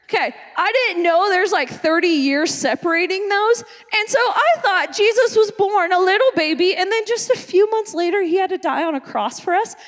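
A young woman pastor preaching a comedic, self-mocking sermon, animated and full of quick asides. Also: very high-pitched. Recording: long hall reverb.

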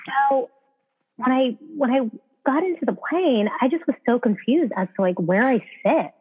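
A woman telling a story as an actress guest in a casual conversation, animated, acting out the voices of people she quotes and restarting her sentences often. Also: sits high, moderate pace, breathy edge. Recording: tinny phone-like line.

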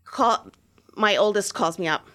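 A lively woman from the American South chatting casually. Her voice is bright and clear, and she tells stories with lots of laughter and animation. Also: medium pitch, unhurried. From Southern United States. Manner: animated storyteller, laughs often. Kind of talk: casual chat.

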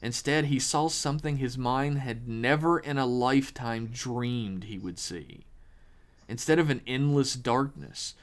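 A man reads a horror tale aloud in a middle-pitched voice. He tells it with measured, dramatic pacing and lets pauses hang before the scary turns. It sounds like a podcast host at work. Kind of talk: reading a horror story aloud.

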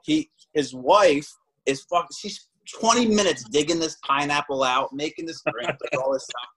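A man's voice: a little high, moderate pace, few pauses, fairly bright tone, slightly rough, poor audio. A man in casual chat, telling stories animatedly and acting out both sides of the exchanges.

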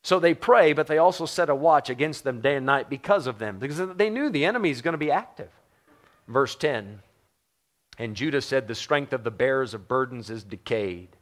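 A man's voice: medium pitch, lively intonation, normal speed. A middle-aged man from the United States preaching a sermon in a conversational, joking way, often putting questions to the congregation. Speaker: pastor.

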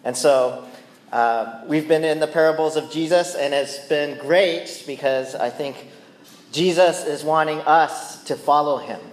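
A man's voice: on the high side, unhurried. A man preaching a sermon as pastor, conversational and playful, often checking in with the listeners. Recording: echoey church hall with long reverb.

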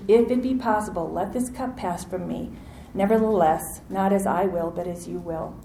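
A woman preaching a sermon, lively and acting out the voices in the story, calling on her listeners to answer back. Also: mid-range voice, reverberant, slight background noise, rough recording. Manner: animated, acts out quoted voices, asks audience to respond.

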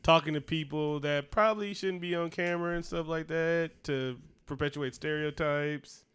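A man with a slightly higher, smooth and resonant voice, chatting casually on a podcast. He tells stories loosely, swearing freely and laughing often. His delivery is loose and lively, full of asides. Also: moderate pace. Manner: profane, laughing storyteller. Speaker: podcast co-host. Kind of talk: casual chat.

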